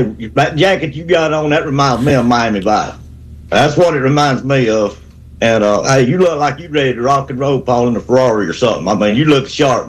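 A man's voice: mid-range voice, poor audio. A man in his sixties with a Southern accent, calling in to a sports radio show and giving a rambling, fired-up pep talk. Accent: Southern American. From Alabama. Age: 60s. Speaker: caller.

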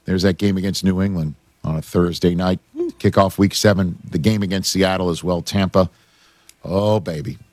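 A man hosting a casual sports talk show, animated and joking, laughing often. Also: low voice, normal speed, no echo.

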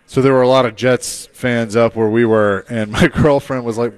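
A man's voice: mid-range voice, fairly even intonation, normal speed, smooth. A man from Nashville co-hosting a radio show, telling stories with laughs and imitating people. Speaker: radio co-host. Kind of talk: casual radio chat.

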